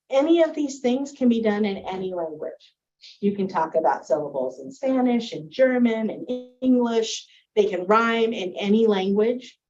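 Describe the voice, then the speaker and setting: A woman's voice: medium pitch, darkish tone, highs cut off. Woman teacher explaining reading skills. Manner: friendly, explanatory, with spoken examples. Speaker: reading teacher presenting to parents. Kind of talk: presentation to parents.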